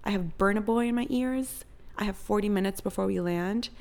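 Gravelly young woman telling a dramatic storytime. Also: mid-range voice, a little fast, a little mellow. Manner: chatty and dramatic, heavy use of "like". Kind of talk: casual storytime vlog.

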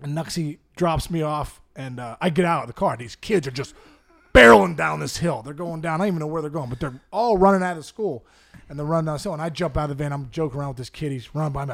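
Gravelly middle-aged guy spinning animated stories, voice a bit high for a man, laughs a lot. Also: quick pace. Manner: animated, acts out the people in his stories, laughs often. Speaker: guest storyteller. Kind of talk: casual storytelling.

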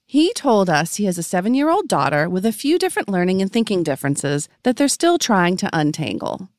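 A woman's voice: medium pitch, very animated, a little fast, a little mellow, no echo. A woman co-hosting a parenting podcast who talks in a conversational, reflective way. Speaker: podcast co-host. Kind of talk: podcast chat.

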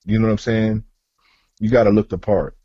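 A man's voice: on the low side, steady tone, fairly quick, dark tone, slightly rough, no room sound, muffled recording. A man chatting casually on a podcast, laid-back and agreeable, talking like a musician. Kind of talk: casual chat.

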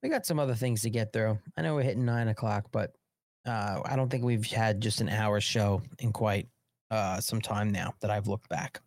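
A man's voice: lowish voice, moderate pace, no echo. A man hosting a live political talk show, speaking in a fired-up, repetitive way into a close mic.

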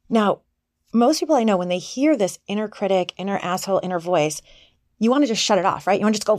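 A woman's voice: lowish voice, fairly quick, pauses often, a little mellow, no room sound, clean studio sound. A woman coach giving a casual self-help talk in a conversational way, sometimes acting out the voices she quotes.

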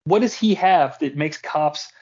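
A fairly high-voiced man chats about a wrestling show with animated, joking energy and drops casual swears. The recording sounds dull and lo-fi, like a home podcast. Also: unhurried, husky. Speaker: podcast host. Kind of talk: casual wrestling recap chat.

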